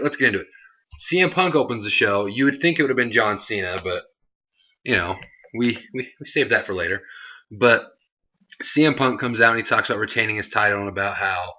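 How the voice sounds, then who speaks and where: A man's voice: fairly low pitch, sharp tone, highs cut off. A young man casually reviewing a wrestling show in a chatty, rambling way. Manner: chatty, rambling, lots of fillers. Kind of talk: casual recap monologue.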